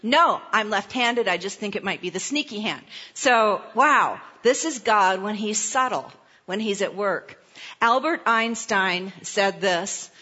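A woman pastor giving a sermon, telling a personal story in a playful, animated way with asides. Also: medium pitch, measured pace, husky, highs cut off.

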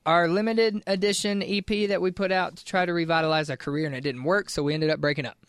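A man's voice: on the high side, steady tone, fast, a bit bright, smooth. A man co-hosting a morning radio show, making wry self-deprecating jokes. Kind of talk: casual radio banter. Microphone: studio mic.

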